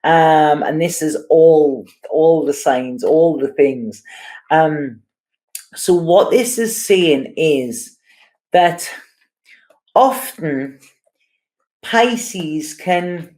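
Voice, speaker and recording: A woman giving a casual tarot reading, talking in an unhurried way and often checking in with "you know" and "okay". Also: sits low, lively intonation, dark tone. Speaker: tarot reader.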